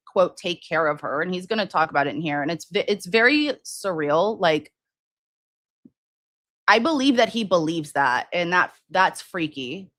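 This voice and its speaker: A woman's voice: sits low, a bit bright, no echo. A woman hosting a casual true-crime livestream, rambling with many fillers and restarts while answering viewers' comments. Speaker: livestream host.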